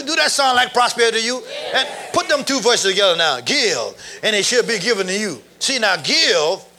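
A middle-aged man preaching a sermon, animated, laughing and shouting as he goes. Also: sits high.

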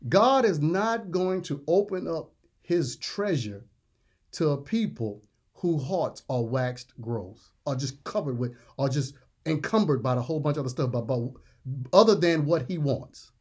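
Male preacher, somewhat high-pitched, emphatic sermon delivery with deliberate slow stress on scripture. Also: lively intonation, a little mellow, husky. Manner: emphatic, repeats words, slows to stress scripture.

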